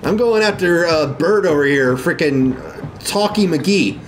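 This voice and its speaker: A man's voice: fairly high pitch, lively intonation, measured pace, slight background noise. A man commenting on a video game he is playing, reacting with big emotional swings and talking to the characters on screen. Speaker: let's play gamer. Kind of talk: casual gameplay commentary.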